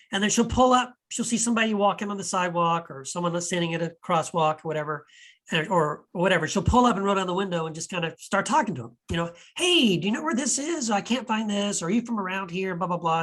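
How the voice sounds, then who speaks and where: An animated, enthusiastic podcast host and author riffs loosely on films, rambling, restarting lines and tossing out baffled rhetorical questions. He speaks in a high-pitched, fairly bright voice.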